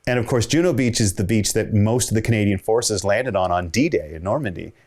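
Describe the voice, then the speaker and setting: A man's voice: lowish voice, a little fast, darkish tone. A man giving a motivational keynote talk, telling a story conversationally and voicing the dialogue of the people in it. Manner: conversational, builds stories with quoted dialogue. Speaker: keynote speaker.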